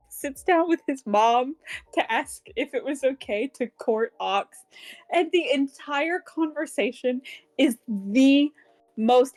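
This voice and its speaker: A woman's voice: high-pitched, darkish tone. A woman co-hosting a book club podcast, chatting casually about a novel, giggling often and swearing freely as she gushes. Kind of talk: casual chat recapping a novel.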